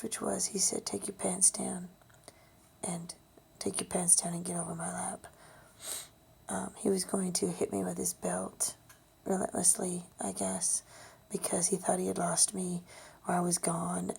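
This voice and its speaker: A woman with a breathy, gravelly voice recounts a personal memory, often sinking to a near whisper. Her tone is mellow and dark, and she speaks haltingly, with ums and restarts. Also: lowish voice. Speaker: storyteller sharing a personal memory. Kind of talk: personal storytelling monologue.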